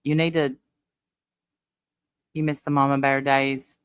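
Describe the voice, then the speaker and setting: A woman's voice: very deep voice, flat delivery, measured pace, smooth, no room sound. A woman hosting a casual livestream, chatting bluntly and talking back to her viewers' comments. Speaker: livestream host. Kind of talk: casual live chat reading comments.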